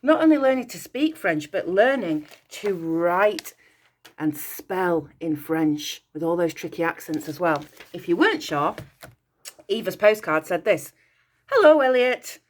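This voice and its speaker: A woman teacher with a lowish, expressive voice leads a recorded school assembly at an unhurried pace. She encourages the pupils and praises their work, slipping in short French phrases.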